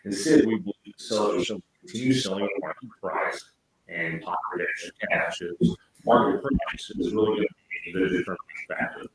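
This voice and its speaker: Deep-voiced man in an echoey room. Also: fairly quick. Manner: chatty, many fillers like "you know" and "uh". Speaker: co-host. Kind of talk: casual talk show discussion.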